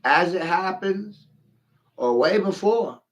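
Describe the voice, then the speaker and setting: A man's voice: high-pitched, lively intonation, takes it slowly, fairly bright tone, poor audio. Man, middle-aged, livestream monologue, rambling, swearing, ranting. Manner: ranting, profane, addresses a viewer by name.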